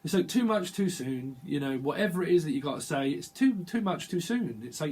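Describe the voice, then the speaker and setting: A man gives a rambling, jokey tarot reading and keeps slipping into little acted-out exchanges. His voice is slightly husky and a bit high for a man, with a very lively rise and fall. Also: a little fast. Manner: rambling, jokey, acts out dialogue. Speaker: tarot reader. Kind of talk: casual chat, tarot reading.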